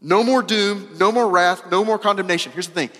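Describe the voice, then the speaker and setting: Male pastor, high voice, emphatic casual sermon delivery, big hall reverb. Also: fairly quick. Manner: emphatic, repeats phrases, swings between loud and soft; casual, uses "y'all" and slang.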